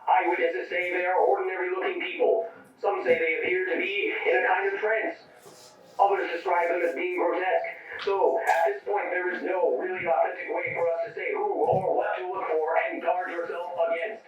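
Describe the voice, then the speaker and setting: A man playing a formal emergency radio newscaster, reading in a measured, official, grave way. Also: high-pitched, little pitch movement, distant mic, faint music behind, lightly acted. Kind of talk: formal news bulletin. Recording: muffled broadcast in echoey hall from afar, audience around.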